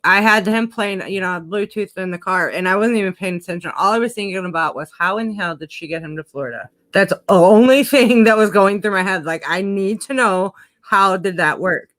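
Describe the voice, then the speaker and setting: A woman's voice: mid-range voice, moderate pace, few pauses. A woman hosting a casual chat, telling stories animatedly and acting out what people said. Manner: animated storyteller, acts out quotes. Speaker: host.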